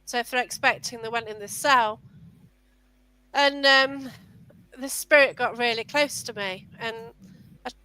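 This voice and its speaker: High, bright woman guest, chatty ghost story, dry sound. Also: measured pace, pauses often, dry recording, rough recording. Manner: reacts with short exclamations. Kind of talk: casual chat.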